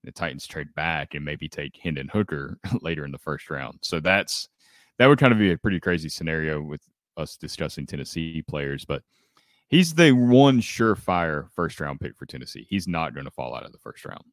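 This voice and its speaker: A man co-hosting a sports podcast, talking through draft prospects in a measured, analytical way. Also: a bass voice, expressive, no room sound, clean studio sound. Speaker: podcast co-host. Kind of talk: casual sports chat.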